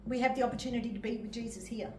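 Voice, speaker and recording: A woman's voice: a little high, fairly even intonation, very fast, slight background noise. Older woman preaching in an echoing hall. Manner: gentle, emotional, laughs often. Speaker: medium and reverend. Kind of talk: sermon with personal testimony. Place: church hall. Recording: echoey hall from far off.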